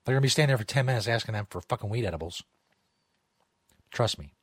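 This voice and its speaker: A man's voice: on the low side, lively intonation, quick pace, breathy edge, dry recording. A man hosting a comedic talk show from a studio, rambling, jokey and profane. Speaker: host.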